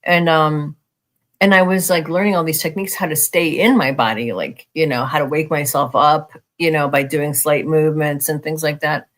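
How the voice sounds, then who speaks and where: A podcast co-host in casual conversation, talking haltingly with constant "like" and "you know what I mean". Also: medium pitch, steady tone, a bit bright.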